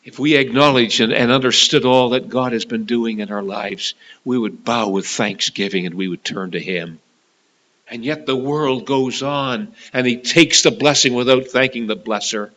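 A man preaching a sermon with passion, rising to loud, high peaks and dropping to hushed, slow lows. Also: low-quality recording. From Canada.

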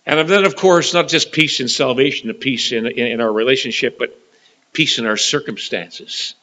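A man preaching a sermon, dramatic, swinging from loud to hushed and often repeating and restarting words. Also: medium pitch, moderate pace, low-quality recording.

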